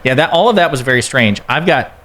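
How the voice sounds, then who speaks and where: A co-host teases and mock-scolds the people he talks with. His voice sits at a middle pitch. Faint ambient noise runs behind him. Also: lively intonation, quick pace, pushed and bright.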